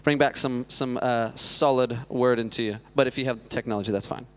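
A man in his thirties preaching a relaxed sermon, full of quips and side jokes. His voice is smooth and clear, at a middle pitch for a man. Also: brisk. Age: 30s. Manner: joking, chatty asides. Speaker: youth pastor. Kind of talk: casual sermon.

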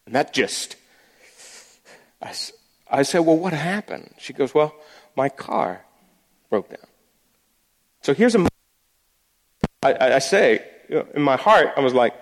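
A man's voice: a little high, lively intonation, normal speed, pauses often. A man giving a sermon-style talk, telling stories about faith at work, often restarting and repeating words. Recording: long echoey hall reverb.

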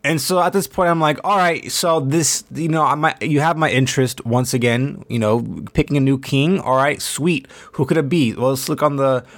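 A man's voice: mid-range voice, moderate pace, hardly any pauses, fairly bright tone. A man hosting a podcast alone, ranting in a casual, profane, rambling way. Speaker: podcast host. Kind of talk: casual solo podcast rant.

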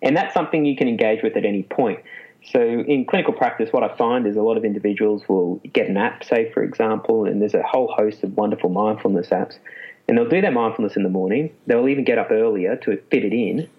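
A man, a psychologist being interviewed, explaining in a lively way and laughing often. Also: fairly low pitch, quick pace, breathy edge. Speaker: clinical psychologist guest. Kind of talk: casual interview talk. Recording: muffled lo-fi sound.

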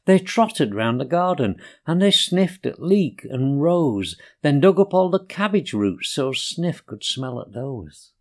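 A man reading rhyming children's poems aloud in a gentle, sing-song way. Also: fairly high pitch, big pitch swings, slow pace, hardly any pauses. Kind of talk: rhyming storybook narration.

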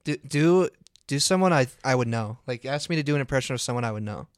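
A man's voice: mid-range voice, expressive, quick pace, clear, resonant tone, no room sound, studio quality. A man co-hosting a podcast in casual chat, playful and teasing. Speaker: podcast co-host.

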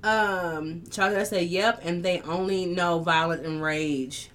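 Lady hosting a live chat stream, bright sharp voice, real open and emotional, cusses a lot. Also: on the low side, steady tone, a little slow. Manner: candid, emotional, swears freely. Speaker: host of a live talk show. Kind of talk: casual live-stream chat reading comments.

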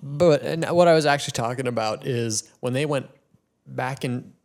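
A man's voice: mid-range voice, normal speed, creaky. A man co-hosting a casual podcast chat who halts and restarts as he searches for words. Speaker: podcast co-host.

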